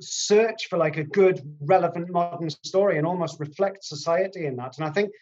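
A man's voice: high voice, moderate pace, darkish tone. A man, a crime writer, chatting on a podcast in a hesitant, rambling way. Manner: rambling, hesitant, full of fillers. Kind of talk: casual podcast chat. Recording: dull lo-fi sound.

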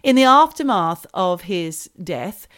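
A woman hosting a comedy podcast, telling a story in an animated, mock-serious way. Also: lowish voice, measured pace.

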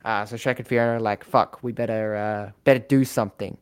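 A man in casual chat, rambling through a story idea with lots of fillers and quick acted-out lines. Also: lowish voice, fairly even intonation, smooth.

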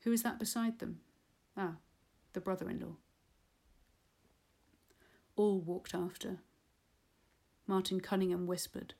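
A woman reading a literary novel aloud in a measured, unhurried way. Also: lowish voice, vocal fry, mellow. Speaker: audiobook reader. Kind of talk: literary audiobook narration.

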